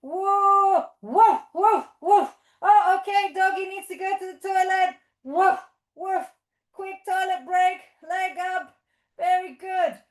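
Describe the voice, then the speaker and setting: A woman's voice: very high voice, fairly even intonation, a little slow. A woman teaching a playful toddler yoga class, giving encouraging step-by-step cues, with sing-song lines and barking animal noises. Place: yoga studio or hall. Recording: echoey room.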